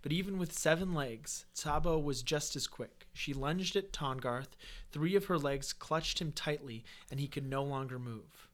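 A man's voice: fairly high pitch, measured pace. A man hosting a podcast, casually retelling a fantasy story and breaking off into joking asides. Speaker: podcast host.

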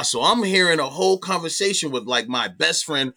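A middle-aged man, a comedian guest, telling a personal story in animated, profane casual talk. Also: on the high side, normal speed, hardly any pauses.

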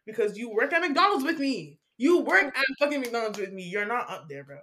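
A woman's voice: on the high side, fairly quick, slight background noise. Young girl telling school stories, swears, acts out what people said. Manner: animated storytelling with acted-out quotes, profane. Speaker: podcast co-host. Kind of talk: casual chat.

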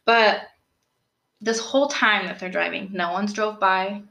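A young woman hosting a podcast, telling a true-crime story in a casual, animated way, full of "like" and questions put to her co-host. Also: medium pitch, measured pace, creaky. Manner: chatty, animated, lots of "like" and rhetorical questions. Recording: roomy echo.

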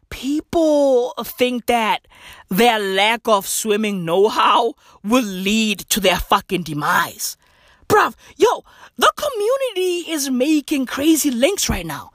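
A woman's voice: on the high side, very animated, takes it slowly, no room sound, studio quality. A woman doing a comedic rant, profane and full of slang, hammering points with repetition.

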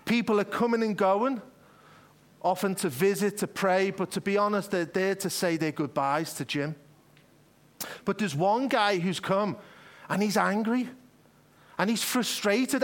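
Earnest man preaching with a high voice. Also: a little slow, pauses often. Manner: earnest, conversational preaching with frequent restarts. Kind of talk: sermon.

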